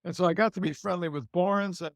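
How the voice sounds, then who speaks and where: A man's voice: high-pitched, fast talker, creaky, dry recording. An older man being interviewed about his career, chatting casually and repeating phrases for emphasis. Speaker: interview guest, TV host and author.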